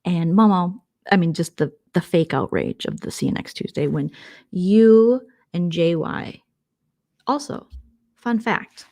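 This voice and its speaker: A woman's voice: lowish voice, a little slow, darkish tone. A woman hosting a vlog, chatting casually with a sarcastic, chatty manner. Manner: sarcastic, chatty, tangent-prone. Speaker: vlogger host. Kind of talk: casual gossip commentary.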